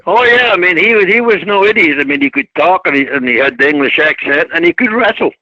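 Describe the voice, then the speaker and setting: A man's voice: a little high, lively intonation, quick pace, sharp tone, dry recording, lo-fi sound. An older man from Scotland, a retired wrestler guest, telling colloquial stories in an interview and acting out the people he quotes. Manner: colloquial, anecdotal, acts out quotes. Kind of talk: storytelling interview.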